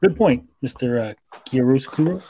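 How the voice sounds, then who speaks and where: A man's voice: mid-range voice, lively intonation, moderate pace, mellow, a little hiss or hum. A man co-hosting a casual podcast, reading out social media posts with sarcastic asides. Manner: sarcastic, reads posts aloud with mock voices. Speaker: podcast co-host. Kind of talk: casual chat reading tweets aloud.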